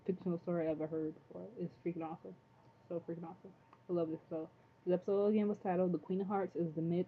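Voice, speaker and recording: A woman giving an excitable, casual recap of a TV episode. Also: on the low side, breathy edge. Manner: chatty, excitable, says "freaking" often. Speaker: TV episode reviewer. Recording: tinny phone-like audio.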